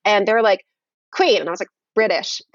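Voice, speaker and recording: A young woman telling a dating story in casual conversation on a video call, animated and full of fillers. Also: mid-range voice, quick pace, dry recording, highs cut off. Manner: animated, many fillers and restarts. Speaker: guest.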